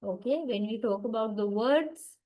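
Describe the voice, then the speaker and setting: The speaker is a woman whose first language isn't English, lecturing at a university on English word stress at a normal speed. Her voice is on the high side, and she keeps saying "uh", restarting, and checking with "right?" and "okay". The audio sounds dull.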